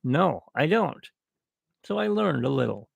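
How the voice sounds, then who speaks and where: Male streamer host, gravelly, dry close sound, jokey rambling delivery. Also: on the high side, very animated, a little slow, no echo. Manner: rambling, joking, self-mocking. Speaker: YouTube channel host. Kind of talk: casual live stream chat. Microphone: desk microphone.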